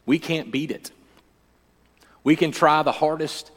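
A man preaching a sermon in a church, conversational and joking, swinging from loud emphasis to hushed storytelling. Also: fairly high pitch, fairly even intonation, a little slow, pauses often, in a large hall. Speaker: pastor.

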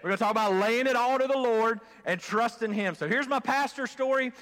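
A man's voice: extremely high pitch, fairly quick, fairly bright tone. A male pastor preaching a sermon in a conversational way, calling on the congregation to respond. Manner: conversational, calls for audience response. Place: church sanctuary. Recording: long church hall reverb.

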